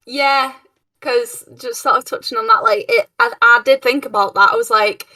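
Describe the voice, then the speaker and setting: A woman's voice: fairly high pitch, steady tone, moderate pace, pushed and bright, recorded from a distance. A woman with a Cockney accent, chatting casually and giggly as a tabletop game player. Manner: giggly, chatty, trails off and restarts. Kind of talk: casual chat.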